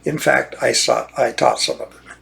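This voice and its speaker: Older lawyer type, indignant and repetitive, deep gravelly rasp, mid-pitched. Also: male voice, huge pitch swings, normal speed, fairly bright tone. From United States. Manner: indignant, repetitive, restarts phrases. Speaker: retired lawyer. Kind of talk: monologue rant.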